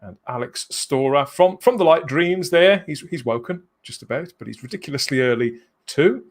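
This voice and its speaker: A man's voice: fairly high pitch, lively intonation, moderate pace. A man hosting a live fan show, chatty and jokey, laughing often as he greets viewers. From England. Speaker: livestream host. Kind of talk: casual live show chat.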